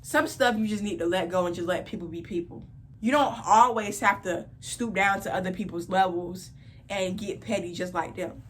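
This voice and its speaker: A woman in her twenties telling a personal story in a casual vlog, animated and repeating phrases for emphasis. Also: mid-range voice, moderate pace, a little hiss or hum. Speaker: vlogger.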